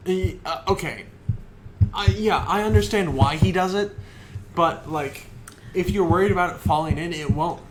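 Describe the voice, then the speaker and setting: A young man co-hosts a podcast in a laid-back, halting chat, and he often stops to find his words. A faint ambient hiss sits behind his voice. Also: sits high. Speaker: podcast co-host. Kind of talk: casual chat.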